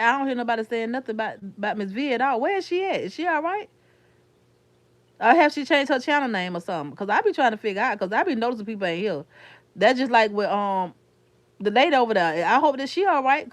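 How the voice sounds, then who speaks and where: A woman's voice: fairly high pitch, no room sound. A woman from Florida with a Florida accent, chatting casually with viewers in a livestream, rambling and calling them honey and sugar. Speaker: YouTuber talking to her live chat.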